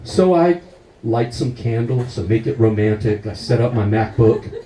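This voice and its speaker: A man performing stand-up comedy with profane, animated storytelling. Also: medium pitch, normal speed, echoey room, far from the mic, a little hiss or hum, poor audio. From United States.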